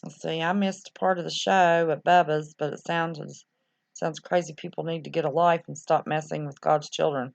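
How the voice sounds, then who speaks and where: A woman with a low, gravelly voice keeps a steady tone and normal speed while hosting an easygoing livestream. She reads viewer chat and rambles through her reactions. The recording is lo-fi and a little dull.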